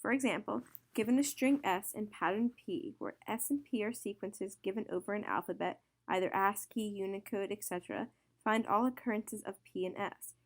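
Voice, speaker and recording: A young woman, a student presenter, reading a prepared explanation of a search method in a steady, scripted way. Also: medium pitch, normal speed. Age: young adult.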